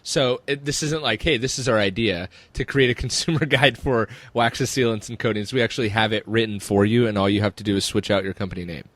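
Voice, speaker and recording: A man's voice: on the low side, a little fast, few pauses, fairly bright tone, no room sound. A man hosting a podcast for business owners, explaining things patiently and laughing along with his co-host. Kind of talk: casual podcast chat.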